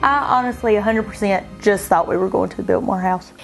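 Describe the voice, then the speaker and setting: A woman being interviewed, telling her own story in an animated way, often laughing and quoting herself in a higher voice. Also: brisk, creaky, rough recording. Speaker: bride interviewed about her engagement. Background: soft background music.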